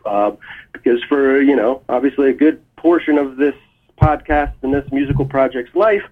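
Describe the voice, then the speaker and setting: Man on a husky phone line. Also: mid-range voice, moderate pace. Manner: relaxed, thoughtful, many fillers. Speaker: guest musician. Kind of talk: phone interview.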